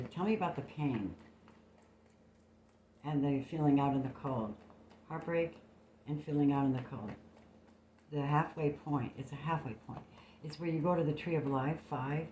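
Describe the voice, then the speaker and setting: Her voice sits low with a darkish tone as she gives a casual tarot reading to camera, blunt and emphatic, swearing freely. It's a phone recording in an echoey room with slight background noise.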